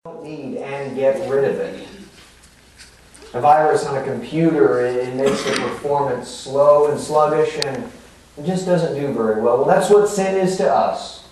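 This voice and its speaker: A man's voice: medium pitch, unhurried, a little mellow, a little hiss or hum. A man preaching a sermon as pastor, explaining scripture in a conversational teaching manner with fillers and rhetorical asides. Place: church sanctuary. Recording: echoey hall from far off.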